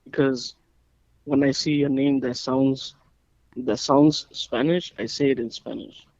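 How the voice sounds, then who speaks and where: A man co-hosting a podcast in casual chat, relaxed and laughing easily. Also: mid-range voice, unhurried, no echo. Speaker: podcast co-host. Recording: dull, dry lo-fi mic.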